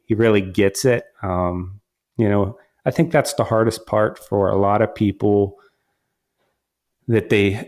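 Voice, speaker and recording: A hunter and father casually telling a story about a hunt, animated and full of quoted dialogue and restarts. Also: lowish voice. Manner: animated, quotes himself and others, frequent restarts.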